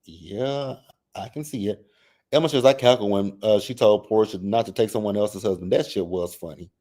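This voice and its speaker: A man hosting a casual reality TV recap, reading chat comments and reacting in a sassy, animated way. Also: moderate pace. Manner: sassy, animated, mimics cast members with exaggerated high voices; repeats phrases for emphasis.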